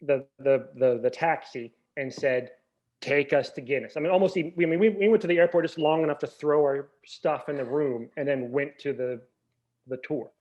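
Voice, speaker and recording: A man's voice: a little high, steady tone, moderate pace, a little mellow, muffled recording. A man in his forties, a podcast guest, chatting casually and telling stories with frequent restarts. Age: 40s. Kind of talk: casual chat.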